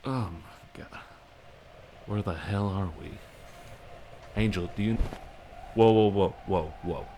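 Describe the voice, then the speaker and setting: A man voicing a steady, gruff man who calms a friend by telling him a story. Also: on the low side, slow, pauses often, slight background noise. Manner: firm then gently storytelling.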